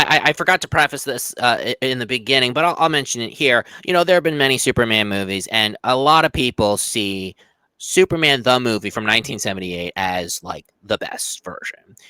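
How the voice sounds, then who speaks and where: A young man talks through a film on a casual review podcast. His voice is bright and tense, recorded close and dry with no room sound. He restarts sentences often and acts out lines from scenes. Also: mid-range voice, clear, resonant tone, dry recording. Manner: rambling, repeats words, acts out quotes. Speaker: podcast co-host.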